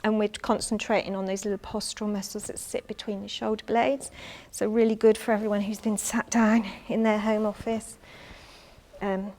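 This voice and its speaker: A woman instructor leading an online Pilates class, calmly cueing and counting reps, slightly out of breath as she exercises along. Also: mid-range voice, moderate pace. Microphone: worn mic.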